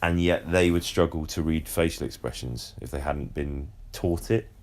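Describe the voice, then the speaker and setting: A man with a very low, deep voice hosts a relaxed podcast conversation. He explains things at length in a casual way, stumbling over repeated words as he gets going. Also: moderate pace, slight background noise. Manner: chatty, swearing, repeats words when explaining. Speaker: podcast host.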